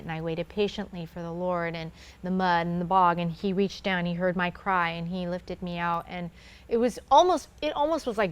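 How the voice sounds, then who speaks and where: A woman's voice: fairly low pitch, clean tone. A woman in her thirties, a guest in a conversation, telling a personal faith story earnestly and acting out what others said.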